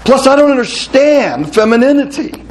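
A middle-aged male pastor giving a lively talk to a room of men, telling stories and putting questions to the crowd. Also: extremely high pitch, normal speed, noisy background. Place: hall with a live audience.

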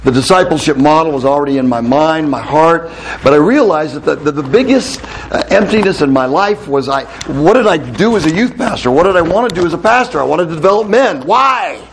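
Male pastor, middle-aged, lively storytelling talk, asks the crowd questions, slightly high voice, faint background noise. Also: brisk, few pauses. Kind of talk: conference talk to men. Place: hall with a live audience.

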